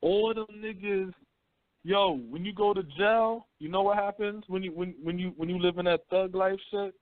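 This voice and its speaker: A man hosting a talk radio show, telling stories in rough, profane street slang. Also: high-pitched, steady tone, moderate pace, no echo. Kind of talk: casual talk radio chat. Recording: dry phone-line call-in audio.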